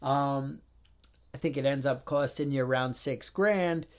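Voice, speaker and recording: A man's voice: mid-range voice, measured pace. A man co-hosting a podcast in casual chat, telling a long story with exasperated asides and acted-out phone calls. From New York. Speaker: podcast co-host.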